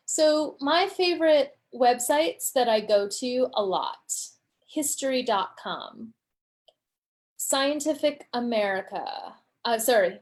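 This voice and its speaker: A woman teacher answering questions in a casual live Q&A, explaining at an unhurried pace with many fillers and restarts. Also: fairly high pitch. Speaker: TOEFL teacher.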